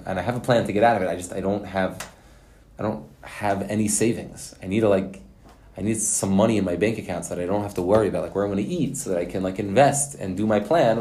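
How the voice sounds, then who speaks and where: A man's voice: fairly low pitch, fast talker, dark tone, pitched below the performer's own voice, close to an everyday voice. A man voicing a poor earnest fellow, hesitant. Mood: pleading. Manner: hesitant, apologetic, full of fillers. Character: poor, earnest young man asking for help.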